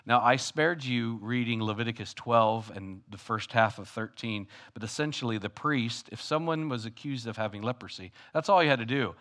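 A man preaching a sermon as pastor, animated, moving between loud calls and quiet asides. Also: lowish voice, brisk, few pauses.

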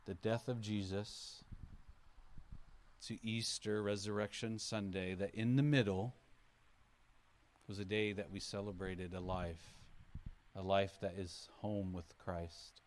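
Earnest lower-voiced male preacher. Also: steady tone, slow pace, pauses often, a little hiss or hum. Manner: earnest preaching, voice rising and dropping for emphasis, acts out quotes. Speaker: pastor. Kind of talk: sermon.

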